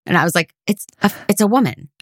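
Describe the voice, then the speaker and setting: A woman's voice: medium pitch, lively intonation, fast talker, no echo. A woman co-hosting a podcast in casual chat, speaking into a microphone with dry, sarcastic humor. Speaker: podcast co-host.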